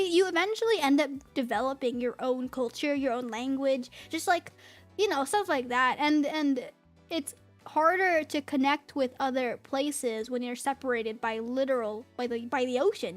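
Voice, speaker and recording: Streaming as a VTuber, a woman chats casually with her viewers, excitable and giggly, rambling and often restarting her sentences. Her voice sits high.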